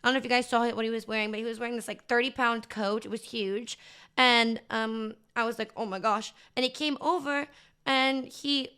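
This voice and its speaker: A woman's voice: a little high, fairly even intonation, a little fast, pushed and bright, clear, resonant tone. A woman streamer chatting casually to her viewers, gushing and rambling with lots of filler words. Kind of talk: casual livestream chat recap.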